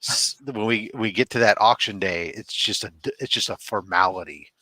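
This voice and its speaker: Brief: male co-host, crisp bright tone, dry close sound, chatty and joking. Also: on the low side, normal speed, dry recording. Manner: chatty, joking, restarts phrases. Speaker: livestream co-host. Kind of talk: casual livestream chat.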